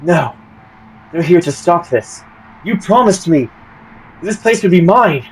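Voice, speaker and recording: A man's voice: fairly high pitch, animated, unhurried, breathy edge, voice pushed up, exaggerated voice, poor audio. A man voicing a jealous female water spirit in a tabletop game, raised and accusing. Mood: resentful.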